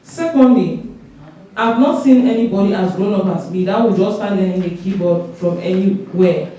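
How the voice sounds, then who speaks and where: A woman's voice: mid-range voice, normal speed, mellow. A young woman giving a church testimony, telling her story earnestly and acting out her conversations with God. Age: young adult. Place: large church hall. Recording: echoey church hall from far off.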